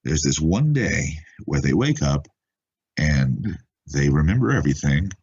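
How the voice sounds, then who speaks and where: A man with a very low, husky voice talks through an interview, stopping and restarting as he gets emotional. The recording sounds dull and lo-fi. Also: big pitch swings, darkish tone. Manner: halting, emotional, many restarts. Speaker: author being interviewed. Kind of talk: conversational interview.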